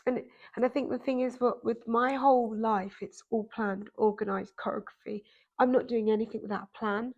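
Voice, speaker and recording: A woman, a podcast guest telling a personal story in an animated, emphatic way. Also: on the high side, moderate pace, dull audio. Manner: animated, emphatic, acts out quoted voices. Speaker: podcast guest, dancer and author.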